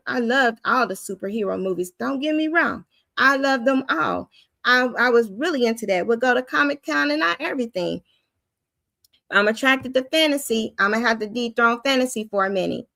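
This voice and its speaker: Plain-spoken and lively, a Christian teacher and host teaches in a relaxed, conversational manner, her fairly high voice carrying vocal fry. The audio is close and dry, without any room around it.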